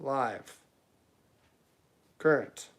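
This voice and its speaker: A man's voice: mid-range voice, very slow. Offhand Canadian man chatting on a livestream. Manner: offhand, joking, mumbling asides to chat. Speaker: livestreaming knifemaker. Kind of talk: casual live-stream chat while working.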